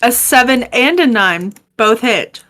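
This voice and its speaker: A woman running a tabletop game as game master, pausing to check her notes as she talks. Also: fairly high pitch, animated, sharp tone. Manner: stop-start, checking notes aloud.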